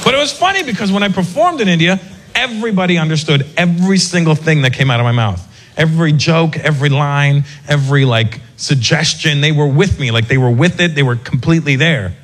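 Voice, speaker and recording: A male comedian doing a stand-up set with animated storytelling and quick asides. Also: fairly high pitch. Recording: live set with audience noise.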